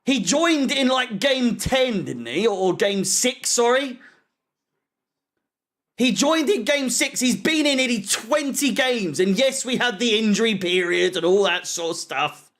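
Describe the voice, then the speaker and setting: Ranting fan, high voice. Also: male voice, animated, measured pace, a bit bright. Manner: frustrated, swearing, sarcastic ranting. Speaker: fan channel co-host. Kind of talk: live match watch-along commentary.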